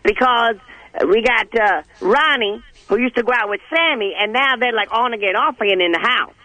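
A man's voice: moderate pace, dry recording, poor audio. A man voicing a brash young female TV gossip correspondent on a comedic radio bit. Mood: sassy. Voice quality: high, bright and clipped. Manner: brash, mocking, slangy. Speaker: show correspondent.

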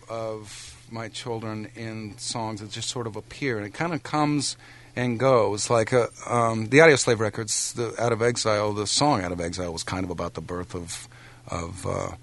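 A man in his forties from the United States, a guest musician talking in a relaxed, thoughtful way with frequent ums and restarts in a radio interview. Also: on the low side, slight background noise.

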